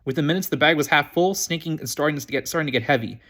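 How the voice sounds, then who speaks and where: Man reading a children's book aloud; fast, slightly high, self-correcting. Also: pushed and bright. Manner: quick, with frequent restarts. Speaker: reader.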